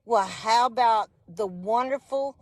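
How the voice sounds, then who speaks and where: A woman's voice: fairly high pitch, measured pace. A woman in her forties or older, a guest on a political livestream, talking in a passionate, exasperated way and correcting herself as she goes. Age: 40s or older.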